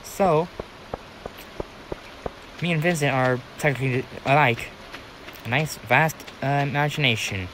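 A man's voice: mid-range voice, measured pace, long pauses, fairly bright tone, slight background noise, rough recording. A young American man giving rambling, casual commentary while playing a farming game, talking to himself with many restarts. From United States. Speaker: gaming channel host.

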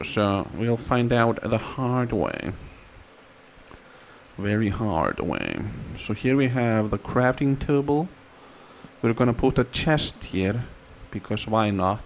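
Chill guy w/ a slight foreign playing a game, slow n silly, goes squeaky sometimes, bit of background hiss. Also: big pitch swings. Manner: playful, sing-song, squeals words in a high silly voice. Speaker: gamer. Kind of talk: casual gameplay commentary.

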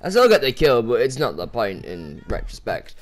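A man's voice: mid-range voice, wildly swooping pitch, moderate pace. A young man ranting casually over gameplay, swearing and exasperated with sudden outbursts. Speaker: gaming commentator. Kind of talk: casual gameplay commentary rant.

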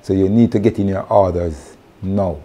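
A man's voice: low voice, moderate pace, mellow. A man presenting at an online farming session, speaking earnestly and directly to farmers. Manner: earnest, addresses farmers directly, self-corrects. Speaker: agronomy presenter.

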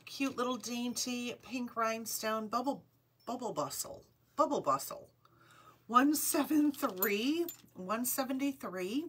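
A woman's voice: a little high, slow, fairly bright tone, a little hiss or hum. A woman hosting a live online jewelry sale, chatting upbeat and calling out item numbers. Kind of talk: live shopping stream chat.

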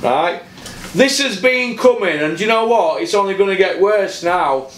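A man's voice: sits high, a little slow, fairly bright tone, roomy sound, slight background noise. Blunt, sweary South Yorkshire man. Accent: South Yorkshire English. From Doncaster, South Yorkshire, England. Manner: blunt, heavy swearing, repeats himself for emphasis. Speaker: boxing channel host. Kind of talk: solo boxing opinion rant.

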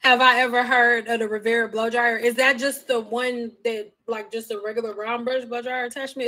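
A woman's voice: on the high side, little pitch movement, a little fast, few pauses, sharp tone. A woman who used to do hair professionally, chatting casually on a live stream and answering viewers' hair questions in a sassy, direct way.

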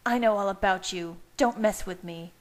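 A woman's voice: medium pitch, normal speed, lightly acted. A woman reading aloud and voicing an angry, protective young female werewolf who shrieks and snarls her accusations. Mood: furious.

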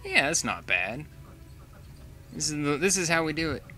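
A young man with a bright, forceful voice chats loosely over his gameplay, thinking out loud and often breaking into laughs. Faint music sits behind him. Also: a little high, very animated, moderate pace. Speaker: gaming channel host. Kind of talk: casual gameplay commentary.

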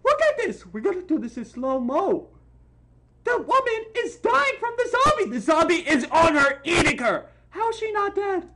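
A woman hosting a comedic reaction video, loud and incredulous, swearing and exclaiming, dropping to a low voice and jumping back high for the jokes. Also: sing-song, moderate pace. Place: at home. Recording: noisy home recording.

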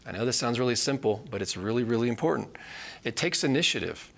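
A man's voice: medium pitch, expressive, fast, gravelly, a bit bright. A man teaching a live Bible study, earnest and repeating key phrases for emphasis.

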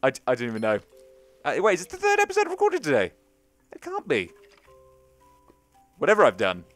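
A man's voice: fairly high pitch, wildly swooping pitch, brisk, dry recording, faint music behind. A young man hosting a gaming channel, chatting and rambling through a let's play commentary to his viewers and to the creatures in the game.

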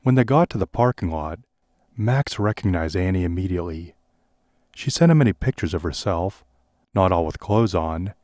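Deep-voiced man, deadpan parody audiobook reading, close dry mic. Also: normal speed, no echo. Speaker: narrator.

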